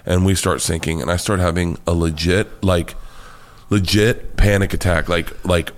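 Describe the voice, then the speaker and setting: An American man, a comedian guest, telling a wild story with lots of swearing and high-pitched acted-out quotes. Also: normal speed. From United States. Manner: excitable, swears freely, acts out quotes in a high voice. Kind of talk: animated storytelling.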